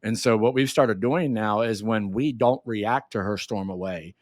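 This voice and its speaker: A man hosting an interview over a call, talking in a friendly, relaxed way. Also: fairly low pitch, moderate pace, dry recording, studio quality. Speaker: host. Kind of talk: casual interview talk. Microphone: remote call.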